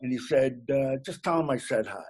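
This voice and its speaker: A man from Massachusetts, a comedian guest telling a lively anecdote. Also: medium pitch, a little fast, husky. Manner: animated anecdote teller, laughs along. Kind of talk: casual storytelling.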